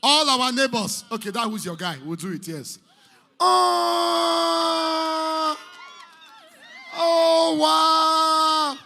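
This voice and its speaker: A man's voice: very high-pitched, steady tone, drawn-out words, gravelly, raised voice, noisy background. A man with a Nigerian accent working as master of ceremonies at an indoor party, hyping the crowd with playful, sing-song pidgin banter.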